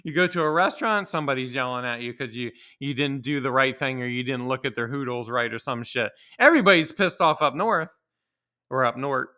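Medium-pitched, fairly quick and pushed bright, a young man from Maryland rants on his solo podcast. He laughs and swears heavily while sharing his opinions.

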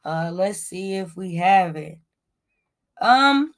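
A woman's voice: mid-range voice, animated, takes it slowly, pauses often. A woman hosting a casual celebrity gossip commentary, talking bluntly and reading from her notes with frequent ums. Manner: swears freely and addresses viewers as y'all. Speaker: commentary show host.

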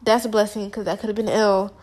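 A woman's voice: medium pitch, flat delivery, fast talker, darkish tone. A young woman telling a personal story to the camera in a casual, slangy, emphatic way. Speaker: vlogger.

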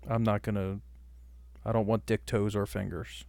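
A man's voice: on the low side, level tone, normal speed, darkish tone, no room sound. A man co-hosting a podcast, talking in crude, teasing banter with lots of swearing. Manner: profane, teasing, jumps into a breathy put-on voice. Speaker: podcast co-host. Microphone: studio mic on a stand.

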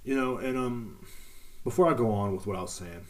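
A man's voice: medium pitch, brisk. A man hosting a casual solo podcast, rambling through jokey stories with lots of fillers. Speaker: podcast host.

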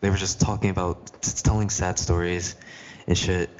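A man's voice: deep voice, little pitch movement, normal speed, darkish tone, highs cut off, a little hiss or hum. A teenage boy hosting a podcast, telling stories in casual chat and swearing freely. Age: teens. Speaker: podcast host.

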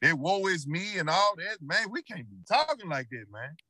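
A man's voice: high-pitched, sing-song, normal speed, sharp tone, husky, dry recording. Earnest Memphis man, dry close sound. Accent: Southern US, Memphis. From Memphis, Tennessee. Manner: earnest, repetitive, preachy storytelling. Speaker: rapper guest. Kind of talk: casual interview talk.

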